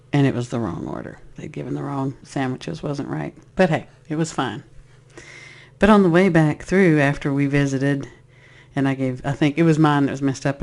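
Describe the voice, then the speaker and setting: A spiritual speaker telling a personal story in a casual way, rambling with restarts and acting out voices. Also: mid-range voice. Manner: animated, acts out voices in the story.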